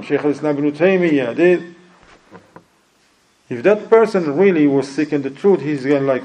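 A man's voice: fairly high pitch, lively intonation, normal speed, pauses often, warm tone, low-quality recording. A man giving a sermon who acts out quoted people and mixes in Arabic phrases. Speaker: preacher.

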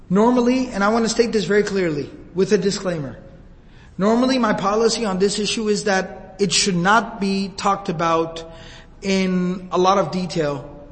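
A man's voice: high-pitched, a bit bright, in a large hall, low-quality recording. A man giving a sermon, telling the story emotively and acting out quoted lines. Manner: emotive, retells scenes with quoted voices. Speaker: preacher.

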